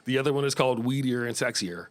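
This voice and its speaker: A man's voice: mid-range voice, quick pace. A man in his fifties from Northern California doing loose, profane live stand-up comedy in a small club, chuckling at his own jokes. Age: 50s.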